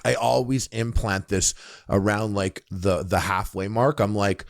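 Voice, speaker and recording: A man co-hosting a casual podcast, telling stories with lively acted-out bits. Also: on the low side, a little slow, vocal fry, no room sound, studio quality. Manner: animated storyteller, acts out scenes. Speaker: podcast co-host.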